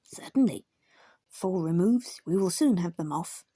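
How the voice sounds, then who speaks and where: A woman voicing a cheerful, chatty male terrier blacksmith in a storybook reading, brisk and merry. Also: on the low side, animated, dark tone, husky, dry recording, clean studio sound.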